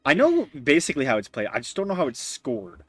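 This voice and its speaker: A man narrating as game master, pausing often with fillers. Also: fairly high pitch, wildly swooping pitch, no room sound, faint music behind. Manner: hesitant, many fillers.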